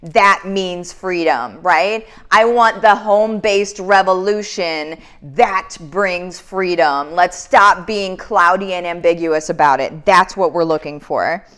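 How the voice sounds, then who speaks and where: A woman's voice: lowish voice, slow, hardly any pauses, fairly bright tone. Upbeat woman hosting a live Q&A. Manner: upbeat and effusive, motivational. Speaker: live Q&A host. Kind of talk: casual live-stream chat reading comments.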